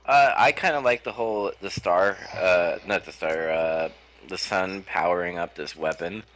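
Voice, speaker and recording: A man hosting a casual live podcast, excitedly talking about a film, reading out viewer chat and laughing often. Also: deep voice, normal speed. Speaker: podcast host and streamer.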